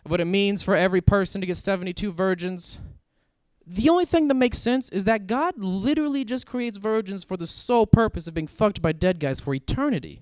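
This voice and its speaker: A young man from Kansas City doing a crude stand-up comedy set on stage before a live audience. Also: high-pitched. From Kansas City, USA. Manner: crude, animated storytelling.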